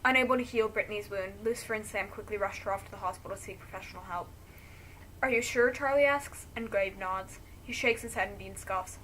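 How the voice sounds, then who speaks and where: A woman's voice: mid-range voice, fast talker, hardly any pauses, a bit bright, slight background noise. A woman reading a friend's story aloud, breaking off to react emotionally.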